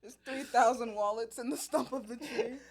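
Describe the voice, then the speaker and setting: A woman's voice: fairly high pitch, moderate pace, a crowd in the background. A woman who is a guest comedian on a casual talk show, making blunt wisecracks and laughing a lot.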